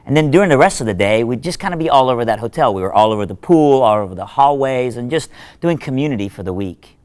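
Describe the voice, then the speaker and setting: A man, a minister, giving a short devotional talk in an animated, conversational storytelling manner with lively asides. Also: medium pitch, fast, clean tone. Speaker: minister and speaker.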